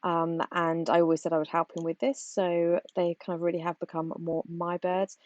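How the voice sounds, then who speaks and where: A woman's voice: fairly low pitch, little pitch movement, normal speed, darkish tone, no echo, dull audio. A British woman vlogging in her back garden, chatting and rambling as she explains her chores, recorded on a phone she holds while working. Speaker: vlogger and backyard poultry keeper. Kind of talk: casual chatty vlog. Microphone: phone held while working.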